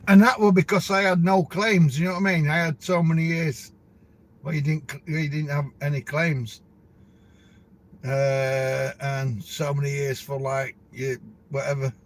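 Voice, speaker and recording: A middle-aged man with a broad Yorkshire accent chats to camera about his work as a truck driver. He rambles from story to story in a relaxed way, and his voice sits fairly high for a man. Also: unhurried, long pauses, a little hiss or hum. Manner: rambling, chatty, laughs between stories. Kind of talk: casual chat to camera.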